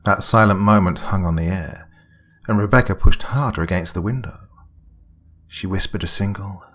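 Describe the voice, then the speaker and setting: A man narrating a scripted horror story in a hushed, dramatic storytelling manner. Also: deep voice, moderate pace.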